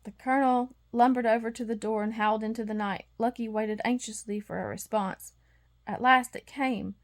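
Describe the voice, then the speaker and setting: A woman reading a bedtime storybook aloud, expressive and acting out the sound effects. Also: fairly high pitch, moderate pace. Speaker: storybook reader.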